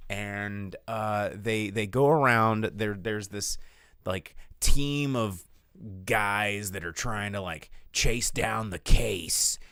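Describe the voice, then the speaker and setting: A man hosting a podcast, rambling through a crude, animated film review in casual chat. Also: on the low side, clean tone, no room sound, studio quality.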